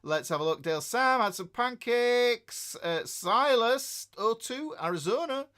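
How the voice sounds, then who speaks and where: A man's voice: very high voice, animated, a little slow, pushed and bright. A man with a northern English accent hosting a guitar livestream, rambling chattily as he reads out viewer comments. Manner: rambling and chatty, with many fillers and restarts. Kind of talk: casual livestream chat, reading out viewer comments.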